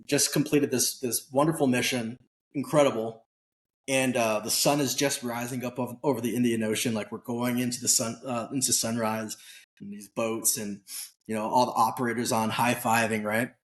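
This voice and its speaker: A man guest on an interview show, telling a story in a candid, casual way with lively acted-out bits of dialogue. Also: mid-range voice, a little fast. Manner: animated storyteller who acts out quoted dialogue; candid, casual, occasionally swears. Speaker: podcast guest.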